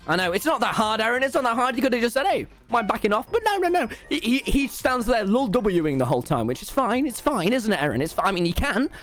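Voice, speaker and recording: Rambling British teenage lad streaming. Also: male voice, very high voice, very animated, brisk, fairly bright tone, soft background music. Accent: British English. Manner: rambling, sarcastic, mock self-pity. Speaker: live streamer. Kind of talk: casual storytelling while gaming on a live stream.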